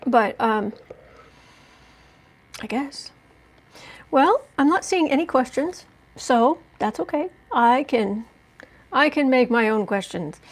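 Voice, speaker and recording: A woman hosting a casual livestream tarot reading at home, chatting in a rambling way with many restarts and asides. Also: on the high side. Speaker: tarot reader and livestream host. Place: at home indoors.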